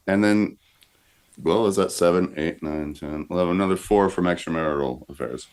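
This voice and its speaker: Deep-voiced, hesitant podcast man. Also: normal speed, darkish tone. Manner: hesitant, many uh fillers. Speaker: podcast co-host. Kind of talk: casual comedy banter.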